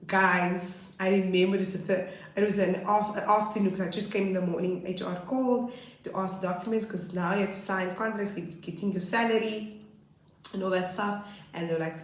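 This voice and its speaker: A woman's voice: lowish voice, fairly even intonation, brisk. A woman in her twenties tells a personal story in a casual, rambling way, often correcting herself mid-sentence. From South Africa. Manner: rambling, self-correcting, earnest. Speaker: vlogger. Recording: very echoey room.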